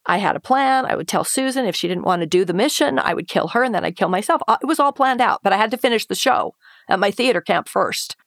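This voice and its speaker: A woman's voice: medium pitch, lively intonation, fast talker, fairly bright tone, no echo, clean studio sound. A woman telling a painful personal story as an interview guest, earnest and emotional, acting out her past thoughts and the voices of others. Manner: earnest, emotional retelling with quoted inner thoughts.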